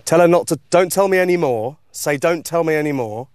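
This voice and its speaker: A man's voice: fairly high pitch, expressive, brisk. A man bossily telling someone what to say and do as a prank. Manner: bossy, directing. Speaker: prankster feeding lines. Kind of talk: casual instructions. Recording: chatter of other people behind him.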